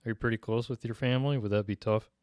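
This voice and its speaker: A man's voice: medium pitch, fairly even intonation, fast talker, darkish tone, smooth, no echo, clean studio sound. A young man from Minnesota with a slight Minnesota accent, chatting casually with his stream viewers and laughing often. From Minnesota, USA. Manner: laid-back, laughs often, answers chat. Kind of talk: casual livestream chat.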